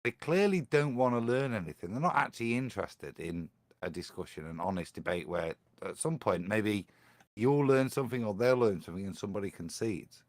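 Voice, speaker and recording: A man speaks as a guest on a live-stream panel in a low voice whose pitch rises and falls a lot. He chats in a rambling, animated way. The recording is dry. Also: brisk, no echo.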